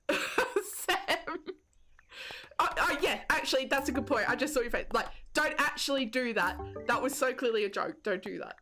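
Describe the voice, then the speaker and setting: A woman's voice: sits high, lively intonation, normal speed, pushed and bright, faint music behind. A woman, casually chatting with viewers while live-streaming a game, joking about herself and laughing often. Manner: self-deprecating, giggly, chats with viewers.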